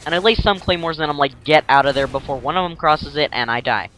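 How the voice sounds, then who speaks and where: A man's voice: a little high, expressive, quick pace, sharp tone. A young man casually narrating his gameplay as a tutorial, rambling and jokey, acting out enemies in silly voices.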